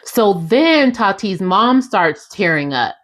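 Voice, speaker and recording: A woman's voice: mid-range voice, big pitch swings, slow. A young adult woman hosting a casual podcast, recapping a reality show in a chatty, sassy way and speaking straight to her listeners. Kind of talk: casual recap, acting out quotes.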